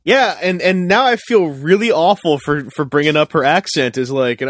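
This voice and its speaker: A man hosting a casual podcast chat, rambling with stammered restarts and sudden excited outbursts. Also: on the high side, normal speed, no echo, studio quality. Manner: rambling, repeats words when starting, bursts into excited shouts. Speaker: podcast host.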